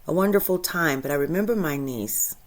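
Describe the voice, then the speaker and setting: A woman hosting her own spiritual channel, talking casually and with feeling, laughing often and swinging from soft to loud. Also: low-pitched, animated, fairly quick. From Michigan. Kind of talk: casual inspirational monologue.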